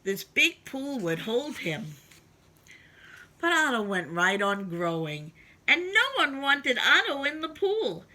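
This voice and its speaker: A woman reads a children's picture book aloud in a bright, sparkling voice. Her pitch swoops up and down with sing-song emphasis, and she sits a little higher than most women. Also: very animated, takes it slowly. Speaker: storybook reader. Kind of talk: reading a children's story aloud.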